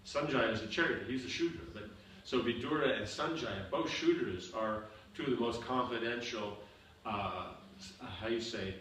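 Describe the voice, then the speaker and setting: A man's voice: medium pitch, normal speed, few pauses, fairly bright tone. A man teaching a seminar and answering questions, explaining with repeated examples and often asking "you understand?". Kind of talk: seminar Q&A lecture. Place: seminar room. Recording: echoey room, far from the mic, faint noise.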